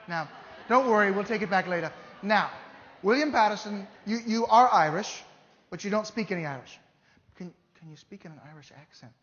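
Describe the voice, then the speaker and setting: Man playing a playful, theatrical founding-era statesman, high voice, live re-enactment, dull echoey hall recording, faint room ambience. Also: fairly quick, fairly bright tone, slight background noise. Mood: coaxing. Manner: playful, coaxing, audience-directing. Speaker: costumed performer at an educational show. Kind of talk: live historical re-enactment for students. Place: large hall with a live audience.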